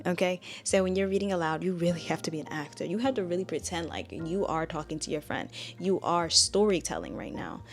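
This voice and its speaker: A woman giving a casual spoken language tutorial, chatty and direct as she coaches the viewer. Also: fairly low pitch.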